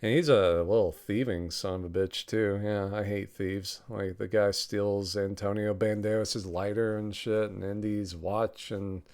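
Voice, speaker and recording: A man's voice: lowish voice, fairly even intonation, unhurried, few pauses, darkish tone, clean tone. A man hosting a casual film review, talking bluntly and profanely in a rambling way, with many fillers and short bursts of laughter. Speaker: podcast host reviewing a film.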